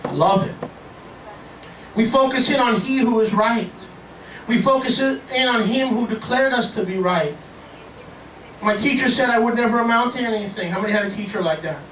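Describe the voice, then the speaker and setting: A high-pitched male pastor delivers an animated, joking sermon, slipping into little acted voices as he tells his stories. He sounds a bit distant from the microphone in an echoey worship hall, with faint room ambience behind him. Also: moderate pace, pauses often, a little hiss or hum.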